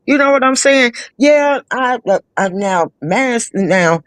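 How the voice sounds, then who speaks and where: A woman's voice: fairly high pitch, expressive, takes it slowly, no echo. A woman in a casual live chat, blunt and profane, often restarting mid-thought.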